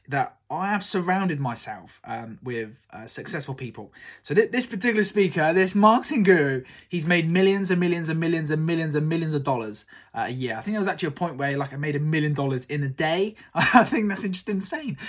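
Gushing young man, slightly high. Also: a bit bright. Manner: gushing, fillers and repeats, acts out quotes in a high voice. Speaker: summit organiser vlogging. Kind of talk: casual excited monologue.

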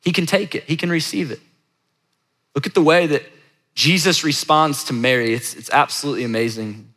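Bright-voiced man preaching in a hall. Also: a little high, brisk. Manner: conversational, emphatic repetition. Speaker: pastor. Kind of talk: sermon. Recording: echoey hall reverb.

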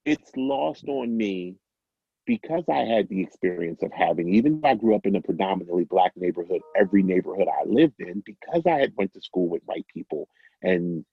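A middle-aged man casually telling a personal story, animated and self-amused, acting out the dialogue. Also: fairly low pitch, slightly rough, no room sound, phone-quality sound. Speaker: guest storyteller.

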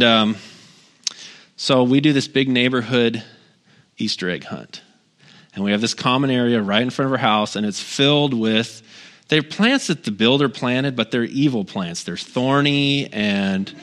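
In a laid-back sermon, a middle-aged male pastor tells personal stories with wry wit and frequent tangents. His voice is mid-range with a fairly bright tone.

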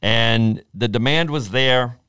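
A man's voice: medium pitch, takes it slowly, clean tone, no echo, clean studio sound. A man in his forties chatting casually, acting out quoted speech as he tells his stories. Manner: animated storyteller, acts out quoted speech. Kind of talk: casual podcast chat.

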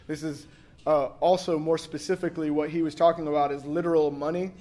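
Delivering his sermon briskly, this pastor has a mellow voice on the high side with little pitch movement. His style is relaxed and jokey, full of acted-out quotes and frequent use of "like."

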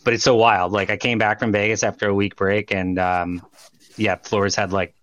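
A man's voice: lowish voice, little pitch movement, normal speed, a bit bright, no echo, dull audio. A man co-hosting a casual chat who rambles loosely, swears and laughs often. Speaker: podcast co-host.

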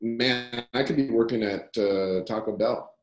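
A young man, a company founder, talking as a guest in a casual interview, telling energetic stories and acting out dialogue. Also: mid-range voice, a little slow, slight background noise. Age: young adult. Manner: energetic storyteller, repeats phrases, acts out dialogue. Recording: roomy echo.

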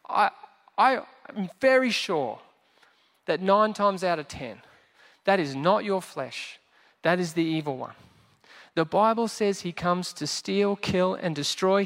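A man preaching a sermon as pastor, animated and jokey, acting out quotes as he goes. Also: high voice, unhurried. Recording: long church hall reverb.

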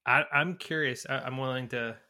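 Male podcast co-host, bright voice, curious and insistent. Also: medium pitch, steady tone, moderate pace. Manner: curious, presses the point, asks questions. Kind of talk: casual chat.

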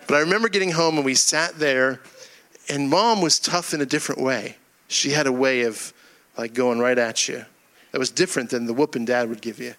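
A man's voice: mid-range voice, brisk. Folksy storytelling man preaching. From Florida, US. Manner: folksy, humorous storyteller, animated. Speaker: pastor. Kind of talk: sermon with personal storytelling.

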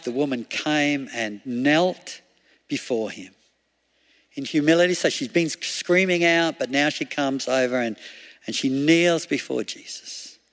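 A man's voice: mid-range voice, a bit bright. A male preacher giving a chatty sermon, often laughing and asking rhetorical questions. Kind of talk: conversational sermon. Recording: long hall reverb.

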